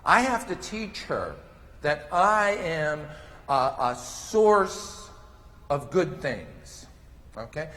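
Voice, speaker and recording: Lively man lecturing in a reverberant hall. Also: a little high, drawn-out words. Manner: explains step by step while demonstrating with toys. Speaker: conference presenter on mand training. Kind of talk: lecture with live demonstration. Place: conference session room.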